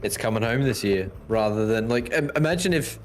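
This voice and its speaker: A man's voice: fairly low pitch, animated, a little fast, music in the background. A man casually chatting about football during a game session, easygoing and laughing along. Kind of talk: casual chat while playing.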